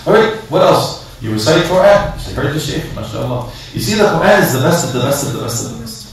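A man giving a lively Ramadan sermon, asking the congregation questions and acting out people's excuses. He says he is losing his voice. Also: a little high. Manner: asks the crowd questions and acts out excuses in quick back-and-forth. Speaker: imam giving a talk. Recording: echoey hall, mic from a distance.

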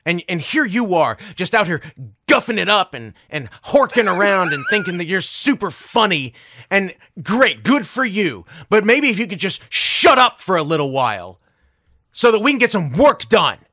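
A man voicing an irritated man from a meeting who scolds him to keep quiet, in an indignant, lecturing manner. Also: high voice, big pitch swings, normal speed, no room sound, pitched above the performer's own voice, exaggerated voice. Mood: annoyed scolding.

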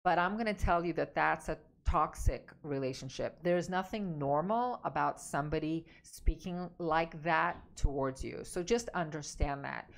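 Lowish-voiced woman giving advice, direct and emphatic, hammers her points home. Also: normal speed, creaky, few pauses. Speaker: relationship coach. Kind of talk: advice talk to camera.

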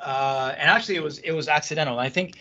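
A man appears as a franchise executive guest on a casual podcast, calling in over video from a standing desk in his home office. He rambles animatedly, with many restarts and fillers, speaking quickly in a fairly high voice. The highs in the audio are cut off.

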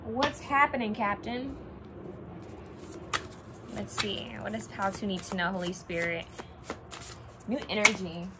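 A woman's voice: medium pitch, steady tone, a little slow, pauses often, very noisy. A young woman giving a casual pick-a-card tarot reading, chatting and thinking aloud as she pulls cards.

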